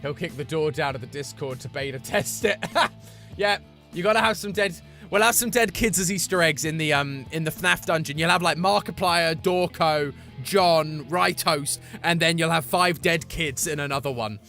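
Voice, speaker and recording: A man chatting casually with his live-stream chat, playful and full of quick asides. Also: a little high, pushed and bright, faint music behind.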